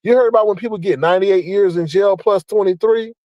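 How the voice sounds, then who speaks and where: A man's voice: high voice, brisk, no echo, muffled recording. A man giving a blunt, profane commentary rant, scolding and mocking, repeating his points for emphasis. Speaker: online commentator. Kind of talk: ranting commentary.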